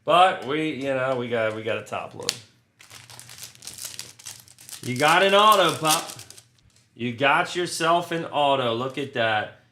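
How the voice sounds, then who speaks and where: A man's voice: medium pitch, animated, unhurried, bright, forceful tone, roomy sound, a little hiss or hum. A man hosting a live card break in casual chat, crude and joking as he rattles off player names.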